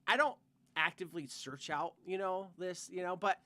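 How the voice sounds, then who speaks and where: A man's voice: high-pitched, normal speed, bright, forceful tone. A young man co-hosting a podcast, telling a rambling work story full of "like" and swearing in casual chat. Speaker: podcast co-host.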